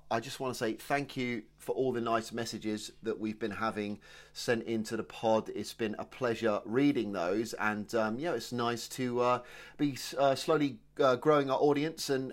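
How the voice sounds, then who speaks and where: British guy co-hosting a pod, chatty and matey, middle pitch. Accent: British English. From England. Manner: chatty, matey, says "mate" a lot. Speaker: podcast co-host. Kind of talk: casual chat.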